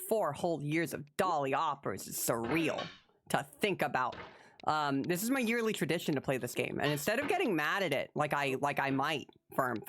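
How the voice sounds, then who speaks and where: A woman live-streaming gameplay, commenting as she plays, swearing and yelling at the game, then talking herself back to calm. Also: deep voice. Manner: animated, swears, yells at the game.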